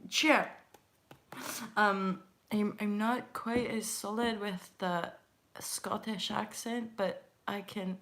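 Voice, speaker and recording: A woman hosts a casual live stream and talks her viewers through a tarot reading. Her voice is bright and forward, and she rambles and chats, drops in the odd swear word, and laughs easily. The sound comes through a webcam mic. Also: medium pitch. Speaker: host doing live intuitive tarot readings.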